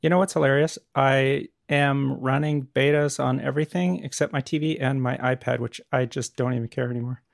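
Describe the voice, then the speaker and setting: A middle-aged man co-hosting a podcast in casual chat, blunt and animated, swearing offhand. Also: medium pitch, brisk, creaky, hardly any pauses, no room sound, studio quality. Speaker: podcast co-host.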